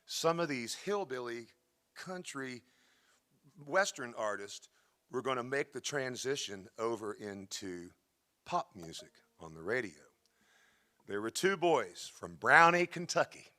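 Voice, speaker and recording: A man's voice: mid-range voice, expressive, measured pace, sharp tone. A male singer hosting a benefit concert on a theatre stage, chatting folksily about music history between songs. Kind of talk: storytelling patter between songs.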